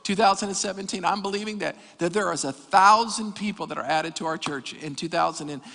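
A pastor, preaching an energetic sermon with jokes and calls to the congregation. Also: male voice, high voice, a little fast, creaky. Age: 40s. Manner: energetic preaching with jokes and crowd call-outs. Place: church hall. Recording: reverberant church hall.

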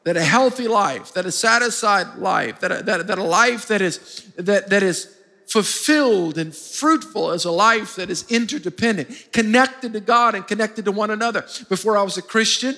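A man's voice: high voice, moderate pace, bright, forceful tone. A man preaching a sermon as pastor, emphatic and drawing spoken responses from the congregation. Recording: long hall reverb.

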